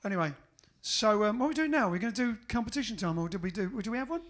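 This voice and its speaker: A man's voice: high voice, lively intonation, racing, fairly bright tone. A man with a Cockney-Essex accent, hosting a casual livestream chat as a band frontman, rambling with many fillers. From England.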